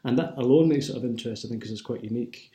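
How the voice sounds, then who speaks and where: A man's voice: medium pitch, rapid-fire, dark tone. Rambling Scottish man, roomy echo. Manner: rambling, many fillers and restarts. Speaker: wine and film vlogger. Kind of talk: casual chat. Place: at home.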